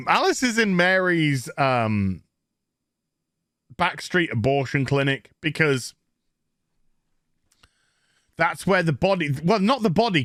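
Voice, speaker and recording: A Northern English man tears into a TV episode with crude, mocking sarcasm. His pitch leaps all over the place as he lurches between voices. The sound is close and dry, with no room around it. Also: a bit bright, no room sound. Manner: mocking, crude, acts out characters in silly voices. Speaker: TV show reviewer. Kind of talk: sarcastic recap rant.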